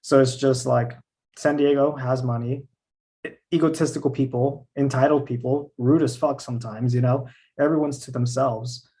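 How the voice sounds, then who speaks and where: A man's voice: medium pitch, fairly even intonation, moderate pace, mellow. A man from the US West Coast talking casually on a podcast, laid-back and slangy with some swearing.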